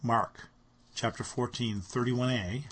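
A man's voice: medium pitch, takes it slowly, a bit bright, breathy edge. A man delivering a sermon, speaking earnestly and reading scripture aloud with rising emphasis. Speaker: preacher.

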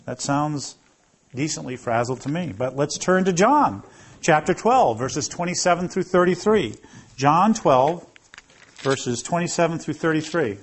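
Male pastor, slightly high voice, relaxed conversational preaching with scripture readings. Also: a little slow, slightly rough. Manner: conversational, calls on listeners by name.

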